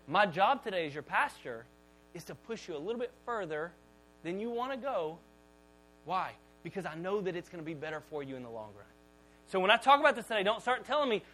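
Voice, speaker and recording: A middle-aged male pastor preaching a sermon, telling stories with lively acted-out quotes and sometimes dropping to a hushed voice. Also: a little fast, low-quality recording. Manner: animated storytelling, acts out quotes with a loud pitch jump; drops to a soft, hushed voice for calm passages.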